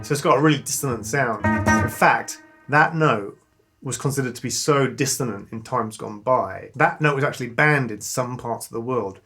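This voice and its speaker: A man giving a casual guitar lesson, relaxed and enthusiastic, pausing to play between phrases. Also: medium pitch. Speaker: guitar teacher. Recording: clean guitar loud behind. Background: guitar playing.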